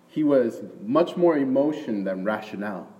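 A man preaching a sermon in a conversational way, often checking in with the audience with a quick "right?". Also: mid-range voice, expressive, dark tone, dull audio. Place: church hall with an audience. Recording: distant mic in a reverberant hall.

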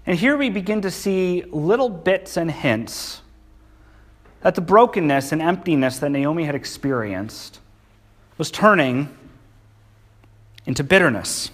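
A man's voice: fairly high pitch, animated, a little slow, pauses often, a bit bright. A male preacher giving a sermon, speaking emphatically and reading scripture with feeling. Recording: long hall reverb.

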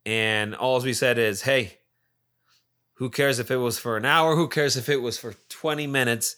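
Guy in his 40s, bright edgy voice, rambling story full of cussing. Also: mid-range voice, steady tone, moderate pace. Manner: rambling, swears freely. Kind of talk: casual storytelling.

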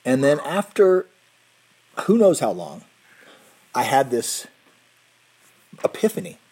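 Husky-voiced man telling a personal story. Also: mid-range voice, sing-song, slow pace, darkish tone. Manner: rambling, self-correcting, with laughs and restarts.

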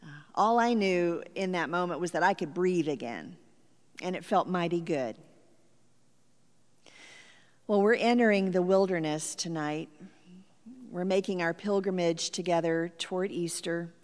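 Slow-spoken woman pastor in reverberant hall. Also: lowish voice. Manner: reflective, gently paced personal storytelling. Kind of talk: sermon storytelling.

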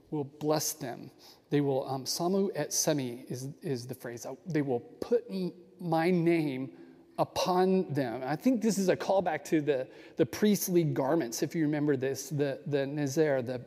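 A man's voice: fairly high pitch, warm tone. A man giving a sermon in an earnest, enthusiastic way, often restarting his phrases. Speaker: pastor. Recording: long hall reverb.

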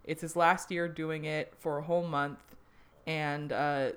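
A woman's voice: sits low, measured pace, clean tone. A woman co-hosting a podcast, chatting casually with frequent fillers and easy laughter. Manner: relaxed, filler-heavy, laughs easily. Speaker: podcast co-host. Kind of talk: casual chat.

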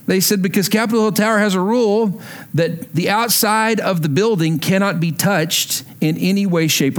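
Male pastor, middle-aged, high voice, animated storyteller preaching a sermon. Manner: storytelling, animated, rises in pitch when stirred.

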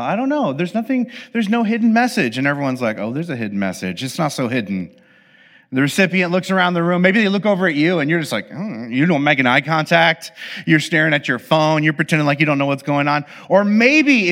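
A man preaching with a slightly high voice, chatty and joking, slipping into little voices for the people in his stories. His sermon rings out with the long reverb of a big hall. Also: a bit bright. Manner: conversational and playful, acting out quoted voices. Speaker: pastor.

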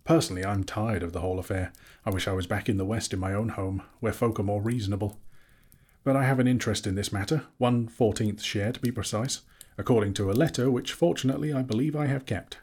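A man voicing a polite, fussy male hobbit who talks in a brisk, businesslike, genteel way, a little husky. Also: fairly low pitch, darkish tone.

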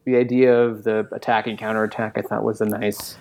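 A man's voice: lowish voice, level tone, fairly quick, darkish tone. A man co-hosting a casual chat, hesitating with fillers and chuckling. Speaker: podcast co-host.

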